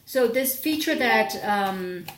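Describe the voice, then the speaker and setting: A woman's voice: fairly high pitch, animated, takes it slowly, roomy sound, slight background noise. A young adult woman chatting casually in a rambling product review vlog, sleepy and full of fillers and restarts. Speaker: vlogger.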